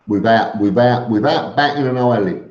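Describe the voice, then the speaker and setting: A man's voice: lowish voice, moderate pace, darkish tone. A man chatting casually on a live stream, reading out viewer comments and answering them bluntly, with lots of fillers and restarts and the odd "mate". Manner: blunt and matter-of-fact, says "mate". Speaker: vlogger answering live chat. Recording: roomy, dull lo-fi stream audio.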